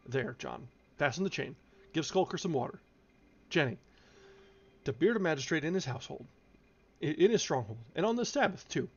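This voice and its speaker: A man voicing a pompous, self-important gentleman magistrate who speaks with indignant outrage. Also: a little high, slightly rough. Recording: dull lo-fi recording.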